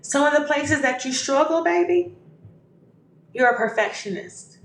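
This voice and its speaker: A woman with a somewhat high voice gives an emphatic motivational pep talk as a podcast host. She repeats her affirmations, calls the listener "baby", and the room around her sounds echoey. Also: expressive, measured pace, a little hiss or hum.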